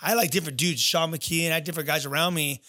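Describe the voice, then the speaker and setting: A man hosting a casual interview, sounding earnest and encouraging. His voice sits a bit higher than most men's and comes across bright and forward. He slows down and stretches his words to stress key points. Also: fairly even intonation. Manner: earnest, advising, with emphatic slow stretches. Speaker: interview host.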